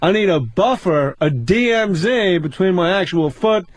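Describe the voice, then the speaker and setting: A man's voice: high voice, lively intonation, normal speed, dry recording. A man doing a whiny observational comic. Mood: whiny ranting. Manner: whiny rhetorical observational rants. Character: impression of a famous observational comedian.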